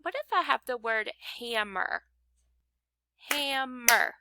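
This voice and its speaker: A woman teaches phonics at an unhurried pace, pausing to clap out each syllable. Her voice is bright and slightly high, with a heavy gravelly fry at the ends of phrases. The sound is close and dry. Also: lively intonation, dry recording. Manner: slow, patient, clapping out syllables. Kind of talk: phonics lesson to young learners.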